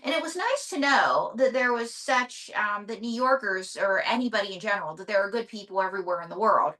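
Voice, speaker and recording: A woman, a ventriloquist, talking casually as an interview guest with animated storytelling. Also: mid-range voice, a little fast.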